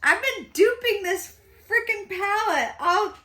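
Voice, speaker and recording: A chatty, excitable woman in her fifties, vlogging casually to camera about beauty at home and laughing often. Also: extremely high pitch, slow. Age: 50s.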